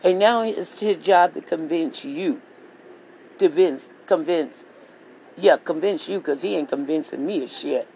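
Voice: mid-range voice, measured pace, gravelly, darkish tone, slight background noise, poor audio. A vlogger delivering a heated political rant monologue, swearing freely and repeating phrases for emphasis. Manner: profane, repetitive, heated ranting.

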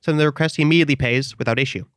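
Animated man telling a story, dry close sound. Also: a little high, rapid-fire, no room sound. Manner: animated storytelling, acts out quoted voices. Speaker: storyteller in group chat. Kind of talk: casual podcast chat.

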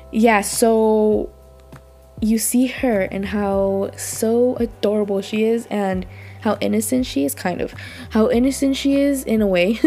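A woman's voice: medium pitch, darkish tone. A woman, slightly under the weather, chatting casually in a rambling, self-deprecating way as she reviews a drama. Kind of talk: casual vlog recap.

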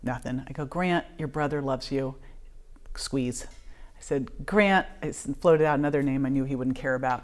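Brief: middle-aged woman guest with a deep voice, lively storyteller who plays out each quote. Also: normal speed. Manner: animated, acts out quoted dialogue, laughs often. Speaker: podcast guest. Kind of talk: emotional personal storytelling.

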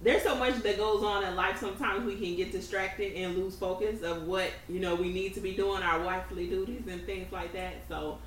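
A woman's voice: mid-range voice, steady tone, moderate pace, few pauses, recorded from a distance. A woman guest on a podcast, earnestly giving views on relationships. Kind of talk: casual chat. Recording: echoey room, off-mic, faint noise.

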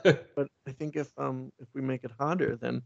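A man's voice: mid-range voice, fairly even intonation, moderate pace, vocal fry, no room sound, dull audio. A man co-hosting a podcast, recapping a comic book in a rambling, profane, comedic way with lots of fillers. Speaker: podcast co-host.

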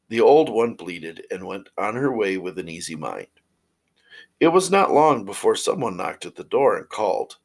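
A man reading old fairy tales aloud in a steady, measured way. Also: on the low side, creaky, rough recording. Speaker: storyteller.

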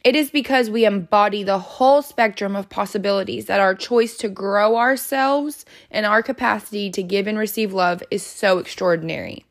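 A woman's voice: medium pitch, normal speed, few pauses. A woman hosting a self-help podcast, earnestly encouraging the listener and reading passages aloud from a book. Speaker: podcast host.

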